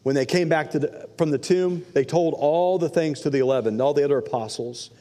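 A man's voice: fairly high pitch, a little fast, mellow, in a large hall. A man preaching a sermon, telling the story with animation and acting out the voices of its people. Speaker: pastor.

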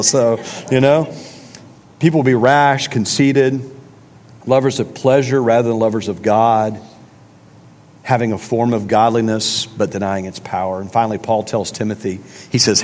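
A man's voice: medium pitch, darkish tone. A man preaching a conversational sermon with emphatic repetition. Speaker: pastor. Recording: long reverb of a large hall.

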